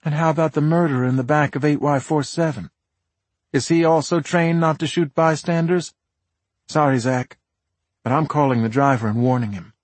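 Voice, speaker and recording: A brash, teasing woman singer who pushes back hard, as a male audiobook narrator voices her, lifting his pitch. The tone is husky and dry. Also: normal speed, no room sound, lightly acted. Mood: pushy. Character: sassy redheaded woman singer, bold and pushy.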